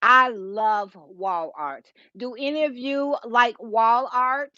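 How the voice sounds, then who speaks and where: A woman's voice: fairly high pitch, slow pace, pushed and bright, no echo, muffled recording. A woman, hosting a casual home decor livestream and chatting with viewers by name, recorded through a Bluetooth earpiece. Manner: chatty, greets viewers by name, laughs often.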